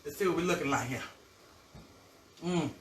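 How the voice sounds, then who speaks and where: A man hosting a live cooking show, chatting warmly to viewers and savoring his food aloud in a kitchen. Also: a little high, normal speed, roomy sound, far from the mic, a little hiss or hum, rough recording. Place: home kitchen.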